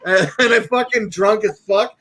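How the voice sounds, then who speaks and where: A man's voice: sits high, normal speed, fairly bright tone, low-quality recording. A young man co-hosting a podcast, telling crude stories in a profane, rambling way. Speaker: podcast co-host. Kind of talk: casual chat.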